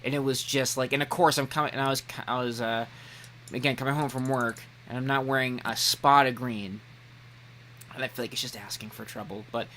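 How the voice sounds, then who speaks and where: Brief: bright, tense-voiced male podcast host, animated storyteller, faint hiss behind. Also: medium pitch, brisk. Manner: animated storyteller, bursts into loud mock voices. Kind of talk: casual chat.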